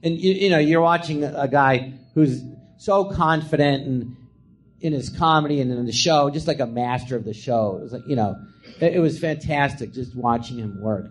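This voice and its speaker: A man's voice: medium pitch, moderate pace. A man, a comedian, telling stories in a loose, rambling way on a podcast, laughing often and acting out quotes. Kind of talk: casual storytelling chat. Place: live podcast theatre.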